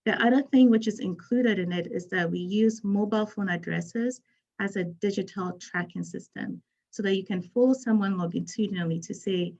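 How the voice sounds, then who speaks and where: Woman from Ghana, physician panelist, earnest, mid-pitched, slightly muffled recording. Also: moderate pace, creaky, darkish tone. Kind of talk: panel talk.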